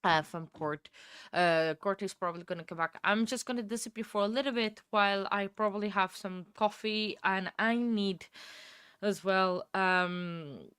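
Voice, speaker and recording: A young woman hosting a livestream, chatting casually with viewers, laughing often and filling pauses with ums. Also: mid-range voice, fairly bright tone, smooth, dry recording, studio quality. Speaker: livestream host. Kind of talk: casual chat with live viewers.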